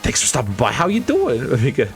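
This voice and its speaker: Guy streaming a game, reads the lines out loud and cracks jokes at chat, pitch all over the place. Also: wildly swooping pitch, brisk, faint music behind. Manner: playful, chuckling, jokes with chat between read lines. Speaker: streamer reading game dialogue aloud. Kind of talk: casual live-stream chat and game reading.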